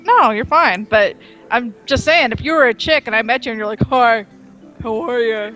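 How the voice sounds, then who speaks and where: Male player, very high bright voice, sassy teasing delivery. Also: expressive, fairly quick, soft background music, low-quality recording. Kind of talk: casual tabletop game chat.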